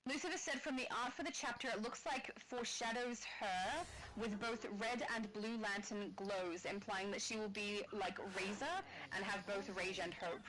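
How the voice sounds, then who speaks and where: A woman's voice: mid-range voice, normal speed, low-quality recording. A woman co-hosting a casual livestream, reading viewer comments aloud, laughing often and apologizing when confused. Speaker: livestream co-host reading chat.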